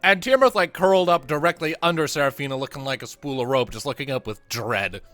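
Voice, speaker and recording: A game master narrating and running a tabletop role-playing game, lively and prone to restarts. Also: medium pitch, fast talker, faint music behind. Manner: animated, restarts often.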